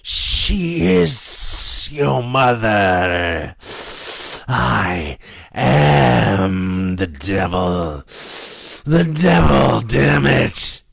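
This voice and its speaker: A man voicing a taunting, cruel devil in a read-aloud story, drawing out his words slowly and loudly. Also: medium pitch, big pitch swings, vocal fry, husky, dry recording, studio quality, full character voice. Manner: slow drawn-out menacing taunts. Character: taunting sneering devil, male, ancient and cruel.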